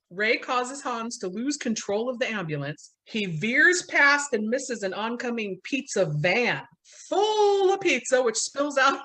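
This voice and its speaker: A woman co-hosting a podcast, recapping a film plot in casual chat and laughing often. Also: a little high. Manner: animated storytelling, laughs often. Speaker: podcast co-host.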